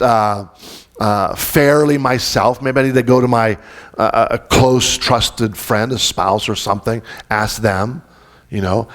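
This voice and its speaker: A male pastor delivers his sermon like a conversation. His voice sits at an ordinary pitch. He keeps stopping to restart his thoughts and tosses questions out to the congregation. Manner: informal and searching, with frequent restarts and questions to the congregation.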